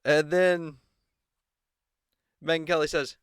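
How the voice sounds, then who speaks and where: A man's voice: fairly high pitch, little pitch movement, takes it slowly, clean tone, no echo, studio quality. A man giving a sarcastic commentary on a televised debate and mocking the anchors. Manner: mocking, mimics the anchors in exaggerated voices. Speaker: political commentator.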